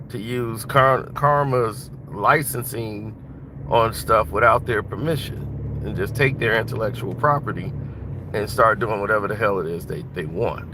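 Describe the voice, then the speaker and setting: Blunt, bright-voiced man in a car. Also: fairly low pitch. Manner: blunt, mocking, laughs at his own jokes. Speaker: vlogger. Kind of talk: casual commentary. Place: inside a car, driving. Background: faint car and road noise.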